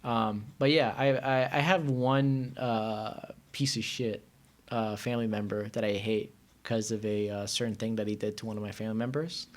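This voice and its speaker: A man's voice: lowish voice, steady tone, moderate pace. A man from Iran, a podcast guest in casual chat, rambling and full of fillers like "like". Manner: rambling, filler-heavy, often says "like".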